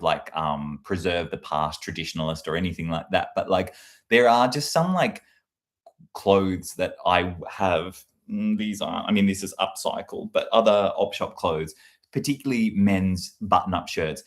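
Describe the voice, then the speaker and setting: A man talks in a loose, rambling way, full of fillers and sudden tangents. His voice sits low, and he hosts the chat in a casual tone. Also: normal speed. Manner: meandering, animated, lots of fillers, jumps to shrill put-on quotes. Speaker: livestream host.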